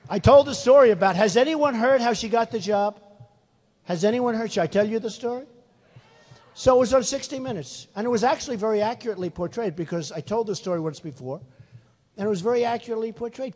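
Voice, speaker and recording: Lively boastful man in his sixties. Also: high voice. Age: 60s. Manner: boastful, rambling, repetitive. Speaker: political candidate. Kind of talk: rally speech. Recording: long hall reverb.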